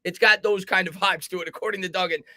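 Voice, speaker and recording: A man's voice: high-pitched, steady tone, fast, bright, forceful tone, no echo. A young man hosting a live fan sports talk stream, ranting emphatically and reading chat.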